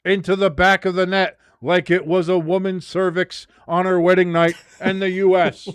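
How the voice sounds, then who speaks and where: A man's voice: high voice, flat delivery, moderate pace, clean tone, dry recording. A man in his forties hosting a live sports watch-along, crude and rambling, laughing at his own jokes. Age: 40s.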